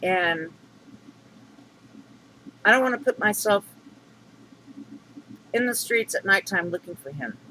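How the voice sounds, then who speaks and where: A man's voice: sits high, lively intonation, takes it slowly, long pauses, bright, forceful tone, a little hiss or hum, poor audio. A middle-aged man venting to camera in a rambling, aggrieved vlog monologue full of fillers and restarts. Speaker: vlogger.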